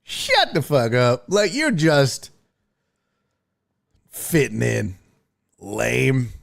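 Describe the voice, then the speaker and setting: A man's voice: medium pitch, drawn-out words, gravelly. A middle-aged man hosting a casual sports talk stream, chatting with viewers in a profane, jokey way. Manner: profane, animated, jokey, slips into mock voices. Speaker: sports talk show host. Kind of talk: casual live-stream chat, reading viewer comments.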